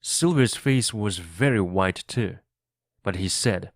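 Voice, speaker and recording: A man narrating a story in clear, deliberate English for learners. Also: low voice, no echo, studio quality. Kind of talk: slow audiobook reading for learners.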